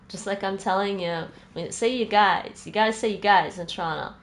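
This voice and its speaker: A woman's voice: medium pitch, moderate pace. A woman streaming a video game, chatting casually with her viewers and laughing often. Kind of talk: casual chat while gaming.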